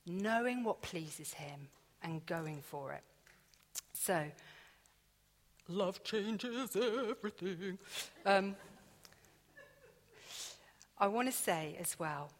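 Woman, preacher, chatty conversational sermon, confiding, slightly low voice, long hall echo. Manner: chatty, confiding, acts out inner dialogue. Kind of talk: conversational sermon with personal stories. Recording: echoey hall.

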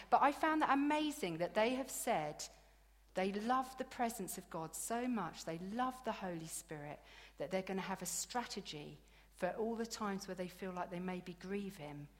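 A woman preaching a sermon in a chatty, animated storytelling way, laughing now and then. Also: mid-range voice. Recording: long hall reverb.

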